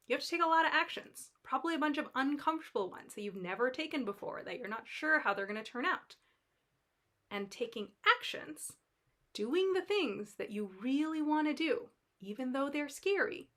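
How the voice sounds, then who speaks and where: Casting: young woman coach, bright and a touch high, chatty, reassuring, talks straight to camera. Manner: chatty, reassuring, acts out her own inner voice. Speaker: life coach. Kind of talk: casual talk to camera.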